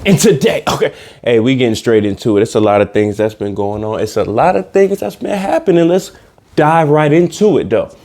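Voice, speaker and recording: A man's voice: mid-range voice, expressive, a little fast, warm tone. A man hosting a comedy podcast, talking in a loose, slangy, repetitive casual monologue. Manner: loose, slangy, repeats himself for laughs. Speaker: podcast host.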